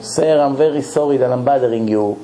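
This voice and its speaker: A man voicing a tearful, polite older woman from Germany, speaking in a lowered, apologetic tone. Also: fairly quick, mellow, slight background noise, close to an everyday voice, low-quality recording.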